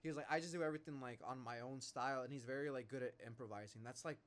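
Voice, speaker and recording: A young man hosting a casual podcast chat, loose and profane, quick to joke. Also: mid-range voice. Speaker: podcast host.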